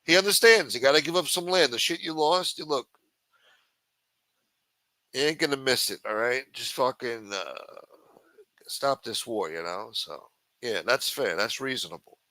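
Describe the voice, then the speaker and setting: Man, livestream host, brash mobster persona, profane, bright forceful tone, dry close sound. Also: mid-range voice, expressive, moderate pace, long pauses, no room sound. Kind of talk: casual livestream chat in a mob boss persona.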